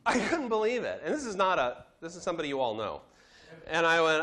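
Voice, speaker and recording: A man teaching a class, telling a business story in a lively lecture style, acting out the voices he quotes. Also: a little high, fast. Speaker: instructor.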